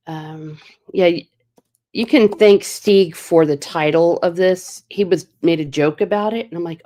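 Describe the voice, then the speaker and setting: A jet-lagged woman hosting a casual livestream, telling a story in an excitable way and acting out her own reactions. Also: fairly low pitch, unhurried. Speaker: livestream host.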